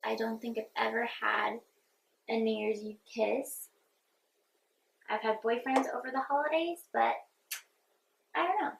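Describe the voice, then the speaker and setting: A young woman with a slightly higher voice chats through a casual get-ready-with-me vlog. She talks in an open, heartfelt way and sounds earnest and personal. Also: fairly even intonation, unhurried, vocal fry, long pauses, a little hiss or hum, rough recording. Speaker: vlogger.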